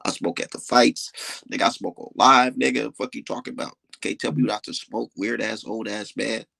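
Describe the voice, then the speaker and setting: A man's voice: lowish voice, fairly even intonation, normal speed, gravelly, pushed and bright, breathy edge, dry recording. A young man hosting a livestream, ranting in a boastful, dismissive way with heavy swearing. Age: young adult. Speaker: livestream host. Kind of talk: profane livestream rant.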